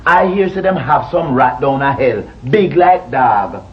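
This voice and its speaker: A man's voice: medium pitch, animated, unhurried, muffled recording. A man with a Jamaican accent, acting in a sitcom and grumbling and protesting for comic effect. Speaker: sitcom actor.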